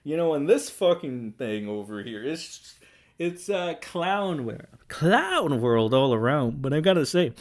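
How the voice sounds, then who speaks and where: On the high side and sing-song, this young commentary streamer's voice moves at a measured pace as he reacts to social media posts. His rant is sarcastic and profane, and he mimics others' voices to mock them.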